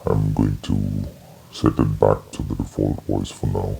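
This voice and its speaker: A man's voice: very deep voice, monotone, measured pace, warm tone, soft background music, voice pushed down, exaggerated voice. A man talking casually through a robot voice-changer effect. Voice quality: gravelly, raspy processed tone. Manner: casual, explanatory.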